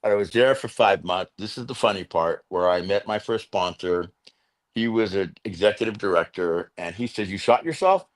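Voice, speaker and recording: Middle-aged male interview guest, animated storyteller who voices the people in his anecdotes. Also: low-pitched, moderate pace. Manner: animated storyteller, acts out quotes, fillers like "you know".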